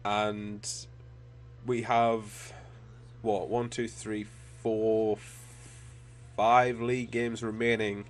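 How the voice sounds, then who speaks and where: A man commentating on his own football video game match, frustrated and swearing, with sudden excited outbursts. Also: fairly low pitch, drawn-out words, pauses often. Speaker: gaming YouTuber.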